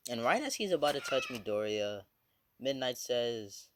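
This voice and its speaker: A man's voice: mid-range voice, big pitch swings, moderate pace. A man casually retelling a fan story, rambling with many fillers and swearing.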